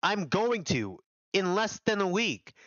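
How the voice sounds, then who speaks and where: A scornful, idle doctor in middle age, put on by a man, who drops his voice low and brushes everyone off. The delivery is dry and dismissive, and the sound is dull and close on a dead-dry mic. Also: very animated, slow pace, fairly bright tone, dry recording, exaggerated voice. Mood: irritated. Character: lazy, mocking middle-aged male doctor.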